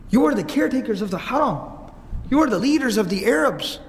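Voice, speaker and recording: Man playing a steady, dignified father. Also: very high-pitched, long reverb tail, pitched above the performer's own voice. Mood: reproachful. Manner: earnest, repeats words for emphasis.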